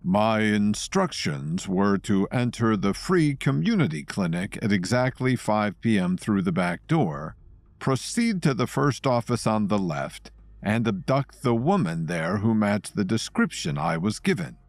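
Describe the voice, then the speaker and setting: A man voicing a large grizzled male kidnapper who speaks calmly and politely, with a slight lisp. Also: fairly low pitch, a little slow, creaky, dry recording, full character voice. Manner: polite, formal, theatrical.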